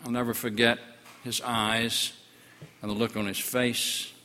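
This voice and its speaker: An older man preaching in the first person as an awestruck twelve-year-old village boy, earnest, his voice sinking low in the sorrowful parts. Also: flat delivery, a little slow, bright, forceful tone, big-room sound. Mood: grieving, awed. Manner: earnest storytelling, voice drops low in sorrowful passages. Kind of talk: first-person story sermon.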